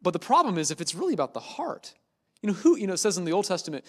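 A man preaching a sermon in a lively, conversational way, often dropping quiet for emphasis. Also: high voice, rapid-fire, big-room sound.

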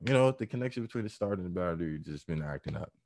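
Low-voiced man telling a profane story. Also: racing. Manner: profane, animated, acts out voices and laughs. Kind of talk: casual storytelling chat.

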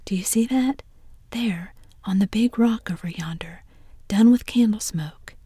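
A breathy, hushed whispered role-play of a bold, bossy boy, as a woman reads him, eager and full of schemes. The voice is mellow and soft, close and dry with no room around it. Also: mid-range voice, measured pace, no echo. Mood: urgent.

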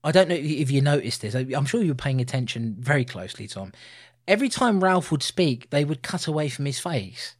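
A man in his thirties co-hosting a casual film review podcast, animated and laughing often. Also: medium pitch, fairly quick. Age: 30s. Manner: animated, laughing, puts on voices for quotes. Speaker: podcast co-host.

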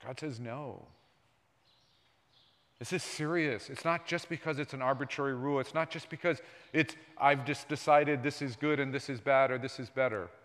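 A man preaching a sermon in a conversational way, sometimes dropping his voice low and sometimes raising it loud. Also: moderate pace. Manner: conversational preaching, jumps between soft and loud. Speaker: pastor. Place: church sanctuary. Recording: long hall reverb.

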